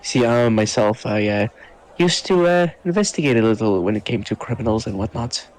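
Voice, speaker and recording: A man's voice: medium pitch, expressive, brisk, a little mellow, lightly acted, low-quality recording. A man playing a hesitant, polite female adventurer. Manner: hesitant, polite, filler-laden.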